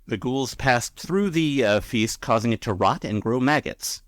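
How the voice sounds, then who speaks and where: A man's voice: medium pitch, expressive, unhurried, a bit bright, dry recording. A man casually recaps a cartoon episode on a podcast, wandering through his thoughts with lots of fillers. His voice sits mid-range and sounds dry and close. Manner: rambling, filler-heavy. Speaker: podcast co-host.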